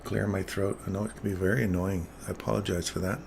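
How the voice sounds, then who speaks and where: A man with a low, gravelly voice hosts a live trading stream. He teases his viewers and gets excited over his calls, and faint noise sits behind him. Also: fast. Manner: playful, teasing, excitable calls.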